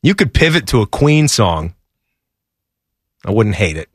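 Playful male radio co-host, very lively pitch. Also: unhurried, dry recording, studio quality. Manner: playful, laughing banter. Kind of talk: sports radio banter.

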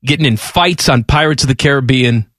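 A male radio host telling a story in a lively, emphatic, exasperated way in a studio. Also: mid-range voice, a little fast, no echo. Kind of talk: animated storytelling on talk radio.

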